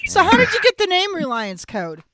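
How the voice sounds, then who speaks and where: A woman's voice: extremely high pitch, huge pitch swings, a little fast, fairly bright tone, dry recording. A woman co-hosting a casual podcast interview, chiming in with bubbly, giggly remarks. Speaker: podcast co-host. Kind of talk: casual chat.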